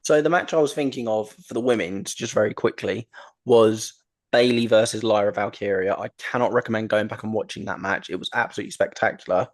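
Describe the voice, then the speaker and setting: A man's voice: on the low side, brisk. A man hosting a wrestling podcast, chatting casually and enthusiastically, with lots of ums and restarts. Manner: rambling, enthusiastic, frequent ums. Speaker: podcast host.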